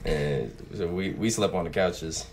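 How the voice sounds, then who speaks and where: A man being interviewed as a guest, telling a story in a laid-back, halting way while he searches for words. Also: low voice, a little mellow, a little hiss or hum. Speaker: podcast guest. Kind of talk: casual interview.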